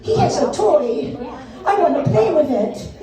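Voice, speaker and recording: A woman's voice: extremely high pitch, sing-song, measured pace, a crowd in the background, full character voice. A woman putting on a small, defiant little girl who whines and insists. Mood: whiny. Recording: echoey room, mic far off.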